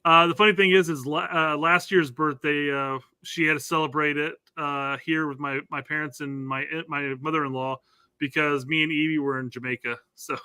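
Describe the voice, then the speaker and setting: A man's voice: a little high, fairly even intonation, normal speed, bright, forceful tone, smooth. A man co-hosting a casual live stream, bantering and laughing with the host.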